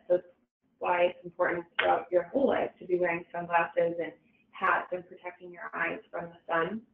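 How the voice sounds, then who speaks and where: Woman presenting over tinny echoey audio. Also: lowish voice. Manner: casual, with frequent fillers and restarts. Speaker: webinar presenter. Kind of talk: informal educational presentation. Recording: echoey, distant, phone-like webinar audio.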